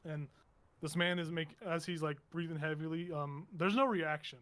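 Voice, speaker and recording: A man narrating a tabletop game as game master in a meandering, halting way with many restarts. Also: a little high, a bit bright. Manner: meandering, halting, self-correcting.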